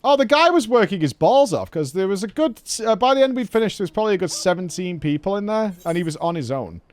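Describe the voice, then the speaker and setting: A British man streaming a video game, chatting casually and telling stories in a loud, joking way. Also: sits high, quick pace. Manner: animated storyteller, loud and joking. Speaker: gaming streamer. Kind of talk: casual chat while playing a game.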